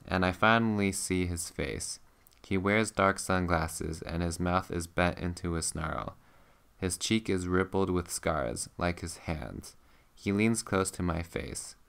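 A man reading a novel aloud in a calm, steady voice, meant to help listeners sleep. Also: sits low, slow, creaky, clear, resonant tone. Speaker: reader.

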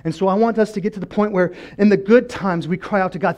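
High-voiced pastor preaching with passion. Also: male voice, quick pace, few pauses. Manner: passionate, swings from quiet to shouting; repeats words as he restarts. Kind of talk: sermon.

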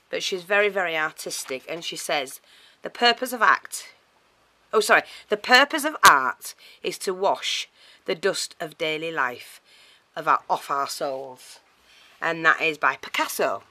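A woman chatting casually to camera as she unboxes a parcel, gushing and a little out of breath. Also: sits low. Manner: excitable and chatty, many fillers, gushing thanks. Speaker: craft vlogger.

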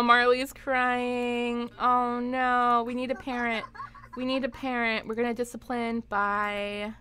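Speaking at a medium pitch with a sharp tone, a young woman gives live commentary on her game stream. She giggles often and reacts to her chat.

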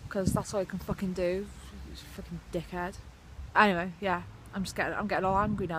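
Welsh woman vlogger, foul-mouthed blunt rant straight to camera, mid-pitched, light background hiss. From Wales. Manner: heavy swearing, blunt and sarcastic. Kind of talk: ranting vlog to camera. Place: outside her house.

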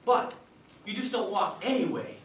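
A man voicing a brash older Italian uncle who fancies himself a ladies' man, with a thick Italian accent and loud, emphatic delivery. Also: high-pitched, normal speed, natural voice. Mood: instructing. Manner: loud, emphatic, shouting advice. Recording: echoey hall, distant mic, noisy.

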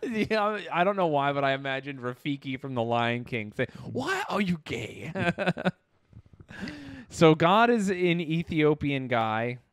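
A man co-hosting a comedy podcast, riffing and acting out quick voices in casual chat. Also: fairly high pitch, animated, clear, resonant tone, no room sound. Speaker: podcast co-host.

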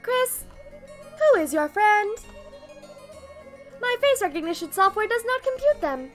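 A woman's voice: extremely high pitch, very animated, unhurried, fairly bright tone, faint music behind, heavily acted. A woman reading out the lines of a vain, grandiose female robot queen from a game. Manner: reading game dialogue aloud.

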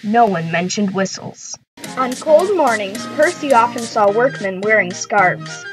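A woman narrating a children's railway story in a brisk, lively way. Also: medium pitch, low-quality recording. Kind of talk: storybook read-aloud. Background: background music.

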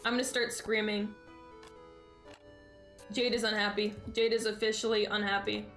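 A woman's voice: mid-range voice, flat delivery, moderate pace, a bit bright. A young woman streaming a video game, chatting playfully and dramatically with her chat and thanking followers. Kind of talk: casual live-stream chat while gaming. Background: faint game music.

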